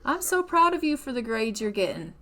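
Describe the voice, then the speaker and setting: A woman voicing a proud, gentle old grandfather who rambles fondly. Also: a little high, big pitch swings, brisk. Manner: fond, rambling.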